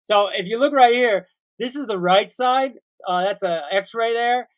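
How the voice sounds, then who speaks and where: Very high-pitched and unhurried, a 40-something co-host of a casual comedy podcast tells a long, rambling story sprinkled with made-up sound words.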